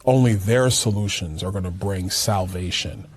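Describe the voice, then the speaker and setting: A man speaks in a very deep, husky voice during a political interview. He builds his argument slowly. His delivery is halting and full of fillers. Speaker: interview guest.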